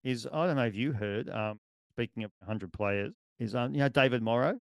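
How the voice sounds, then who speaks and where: Rambling Australian bloke on a sports podcast. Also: male voice, mid-range voice, brisk, gravelly, dry recording, studio quality. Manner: rambling, chuckling, trails off mid-thought. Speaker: podcast co-host. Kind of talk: casual sports chat.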